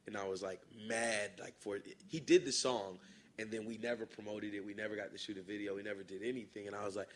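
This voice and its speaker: A young adult man, a guest rapper, telling stories in a relaxed, casual way, full of "like" and fillers. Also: fairly low pitch, fast talker, a little hiss or hum. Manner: relaxed, filler-heavy, says "like" a lot. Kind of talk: casual storytelling. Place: live podcast stage.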